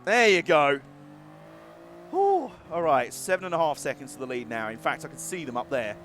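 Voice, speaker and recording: Brief: man, racing game streamer, high voice, excitable, laughs a lot, crude jokes. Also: moderate pace, a little hiss or hum. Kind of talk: live racing gameplay commentary.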